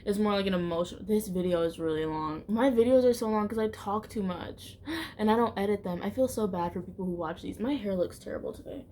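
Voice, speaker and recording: A woman's voice: medium pitch, a little fast, warm tone, slight background noise. A woman talks to her viewers in a loose, casual vlog. She rambles and circles back on herself, leaning on "like" in almost every phrase. Her voice sits in an ordinary middle range. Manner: rambling, heavy use of "like" fillers. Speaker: YouTuber.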